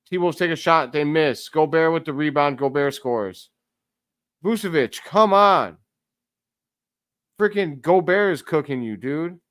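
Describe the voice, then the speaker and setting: Excitable man calling a game. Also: a little high, clear, resonant tone, dry recording, clean studio sound. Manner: excitable fan, talks to chat. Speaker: live stream host. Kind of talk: casual play-by-play commentary.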